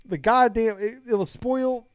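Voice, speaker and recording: A young man hosting a casual podcast, rambling excitedly, swearing a lot and getting loud when hyped. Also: very high voice, a little slow, clean tone, dry recording, studio quality. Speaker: podcast host.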